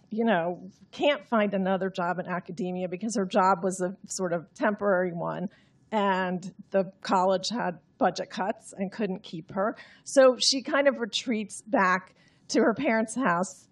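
A woman's voice: medium pitch, a little slow. A woman reading her own novel aloud in an understated, droll way, then explaining the story. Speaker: author.

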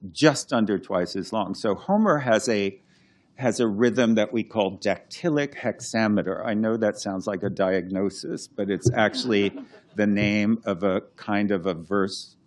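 A man, a classicist and translator, giving an unscripted talk, explaining slowly with many restarts and fillers and humming out verse rhythms. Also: on the low side.

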